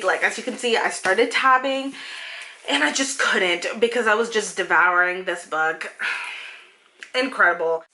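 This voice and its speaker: A woman's voice: mid-range voice, sharp tone. A young woman reviewing her favorite books in a casual vlog, gushing and emotional as she talks straight to her viewers, with many fillers and sudden bursts of speed. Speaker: book reviewer.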